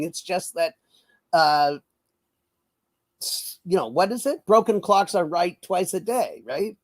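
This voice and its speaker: A man giving casual political commentary as an interview guest, wry and often laughing, with many fillers and restarts, over a video call. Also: high-pitched.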